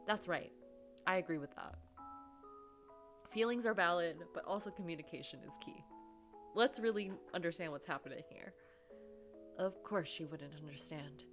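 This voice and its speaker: A woman's voice: fairly low pitch, moderate pace, long pauses, music in the background. A woman playing a story game, reacting with eager, gushing commentary between read lines. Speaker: game streamer. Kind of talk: let's play commentary.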